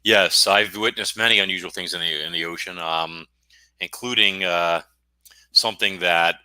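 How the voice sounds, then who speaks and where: A man's voice: low voice, steady tone, normal speed, sharp tone, smooth, no room sound. A middle-aged American man, a guest author, talking in a rambling, jokey and self-deprecating way on a casual podcast. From United States.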